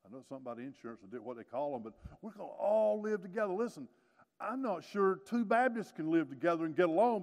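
A high-pitched man in his sixties preaches a sermon in a church sanctuary, with a long reverb trailing his words. He swings from hushed, quiet lines to loud, emphatic peaks and drops in folksy, joking asides. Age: 60s. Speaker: pastor.

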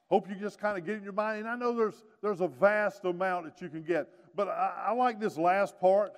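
A man in his sixties preaching a sermon, swinging from hushed lows to loud emphatic peaks, with folksy joking asides. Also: fairly quick, few pauses. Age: 60s. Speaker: pastor. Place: church sanctuary. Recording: long reverb of a church hall.

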